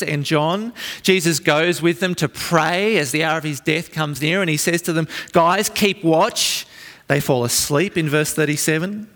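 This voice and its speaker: A man preaching a sermon in an earnest storytelling manner with dramatic pauses. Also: on the high side, fairly bright tone. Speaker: pastor. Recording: long reverb from a large hall.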